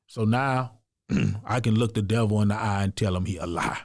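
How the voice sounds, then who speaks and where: A man's voice: lowish voice, fairly even intonation, normal speed, darkish tone, no echo, clean studio sound. A man from the United States, a podcast guest, telling his own story in an earnest, emphatic, conversational way. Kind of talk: personal storytelling in an interview.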